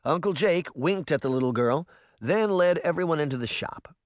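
A man reads a children's story aloud with an expressive delivery. His pitch moves about a great deal. The recording is dry and close. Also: moderate pace, no echo. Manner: expressive reading. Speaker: audiobook narrator. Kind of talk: scripted narration.

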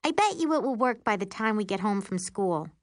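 A woman reading an audiobook, voicing a serious, sleepless young sister who talks slowly and earnestly. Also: mid-range voice, expressive, no echo, clean studio sound, pitched above the performer's own voice, close to an everyday voice. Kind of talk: audiobook character voice.

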